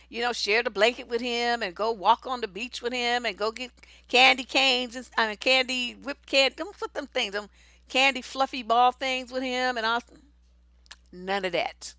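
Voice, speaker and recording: A middle-aged woman coaching on relationships, blunt and salty, swinging between storytelling and pointed advice. Her voice is bright and forceful and sits a little high. The recording is dry and close. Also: normal speed, dry recording. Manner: blunt, profane, animated and conversational. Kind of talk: candid personal storytelling and advice.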